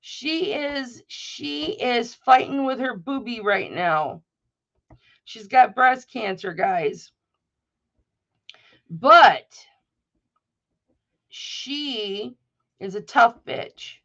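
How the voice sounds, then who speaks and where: A middle-aged woman with a Michigan accent hosts a casual livestream, speaking slowly with a slightly high voice. She is blunt, emotional and profane. The audio is dull and lo-fi. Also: very animated, vocal fry, a bit bright. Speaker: livestream host.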